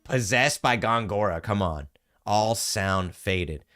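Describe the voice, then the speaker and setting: Low-voiced man reading game text dramatically. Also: slow. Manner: earnest, expressive reading with brief surprised asides. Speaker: streamer. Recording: game music behind the voice.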